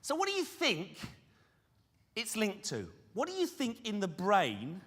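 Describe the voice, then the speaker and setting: A man giving a lively conference presentation, questioning the audience directly. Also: sits high, measured pace, slightly rough. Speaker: conference speaker on fundraising. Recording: reverberant hall.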